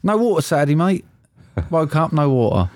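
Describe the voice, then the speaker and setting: A man's voice: a little high, brisk, no room sound, studio quality. A man co-hosting a podcast, telling stories in casual banter and swearing freely. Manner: banter-heavy, swears freely, lively storytelling. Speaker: podcast co-host. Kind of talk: casual chat.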